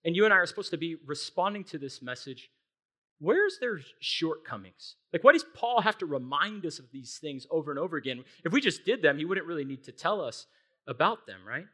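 A young adult man preaching a sermon in a conversational, animated way, often checking in with his listeners. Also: fairly high pitch, a little fast. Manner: conversational, animated, frequent tag questions. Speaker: pastor.

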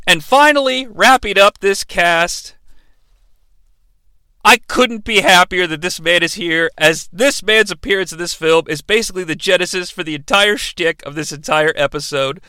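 A man in his forties hosting a comedic bad-movie review show, sarcastic, profane and excitable. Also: sits high, clean tone, dry recording.

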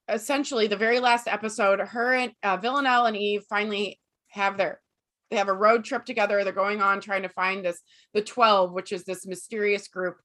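A woman's voice: medium pitch, fairly bright tone. A woman co-hosting a casual podcast chat, swearing freely as she rants heatedly. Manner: heated, swears a lot, ranting. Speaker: podcast co-host.

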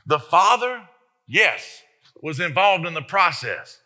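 A male pastor delivers a lively sermon, leaning on rhetorical questions and emphatic asides. His voice sits a little high and rings very bright and forceful. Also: slow.

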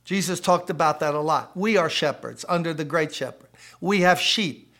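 A pastor preaching a podcast sermon to church leaders, emphatic and conversational, repeating key phrases and asking rhetorical questions. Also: male voice, fairly high pitch, moderate pace, a bit bright.

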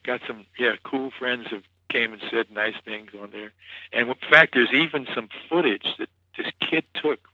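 A man's voice: mid-range voice, normal speed, pushed and bright, dry recording, lo-fi sound. A man guest, a musician, telling stories in a casual interview, rambling with many restarts and "you know"s. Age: 40s or older.

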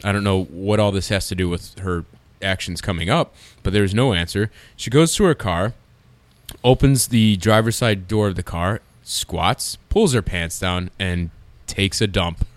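A man co-hosting a casual podcast, telling a story in an animated way and laughing often. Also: deep voice, a little slow, no echo. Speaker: podcast co-host.

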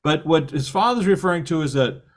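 A man's voice: on the high side, animated, brisk. An older man hosting a podcast, telling long stories in casual conversation and laughing now and then. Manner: rambling storyteller, laughs often. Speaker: podcast host.

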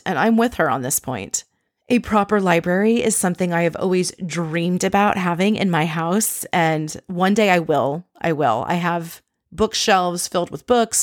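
A woman's voice: fairly low pitch, no room sound, clean studio sound. A woman hosting a casual, chatty recap with wry, sarcastic asides. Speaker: podcast host recapping a reality show.

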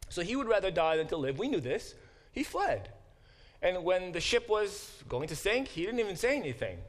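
A biblical studies professor with a high-pitched, very animated voice gives a classroom lecture. He pauses to unpack Hebrew words and acts out quoted speech with dramatic emphasis.

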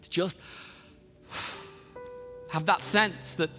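A middle-aged pastor sharing a personal testimony in an emotional voice that rises high and tearful. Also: male voice, steady tone, brisk, a bit bright. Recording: long reverb with faint music.

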